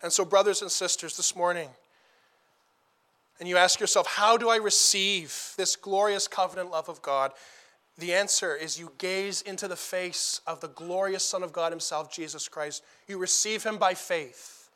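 Male preacher, high bright voice, emphatic sermon delivery with repeated phrases. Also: normal speed. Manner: emphatic, repeats phrases for stress, rising to loud declarations.

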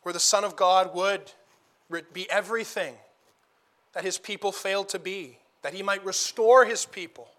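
High, bright-voiced male preacher. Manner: emphatic, repeats phrases for stress, rising to loud declarations. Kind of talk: sermon.

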